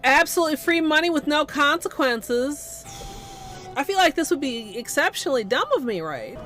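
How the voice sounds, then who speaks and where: A woman's voice: sits high, expressive, moderate pace, over music. A young adult woman livestreaming, chatting casually in a silly, crude way and laughing often. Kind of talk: casual stream chat.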